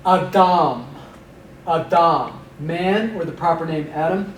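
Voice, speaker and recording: A man's voice: on the high side, slow pace. A man teaching Hebrew vocabulary in a recorded lecture, repeating each word for drilling and slipping in dry puns. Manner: dry punning humor, drills words by repeating them. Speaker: Hebrew instructor. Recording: echoey room, mic at a distance, faint background noise.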